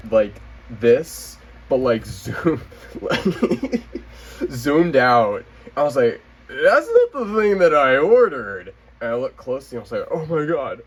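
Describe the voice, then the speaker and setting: A man's voice: fairly low pitch, rough recording. A young man casually showing off his toy collection on camera at home, rambling with lots of fillers, swearing and laughing often. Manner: rambling and profane, filler-heavy with frequent laughter. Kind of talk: casual show-and-tell vlog.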